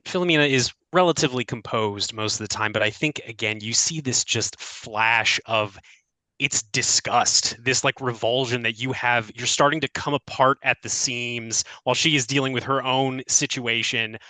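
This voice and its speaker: A man's voice: mid-range voice, measured pace, bright, forceful tone, no room sound. A man describing a character's reactions in a tabletop role-play in a casual, descriptive way. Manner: casual, descriptive, many fillers.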